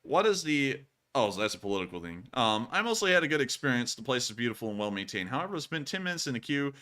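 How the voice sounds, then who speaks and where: Sarcastic male host, bright ringing voice, animated reactions. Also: mid-range voice, quick pace. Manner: sarcastic, animated, mocking voices when reading. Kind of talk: casual chat reading reviews and super chats.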